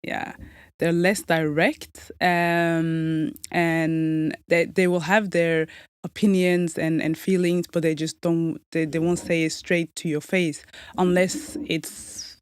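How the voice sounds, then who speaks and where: A woman's voice: fairly low pitch, level tone, smooth, dry recording. Reflective woman, dry close sound. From Somalia, raised in Norway. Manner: measured and reflective, many soft "mm" replies. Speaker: guest. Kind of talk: conversational interview.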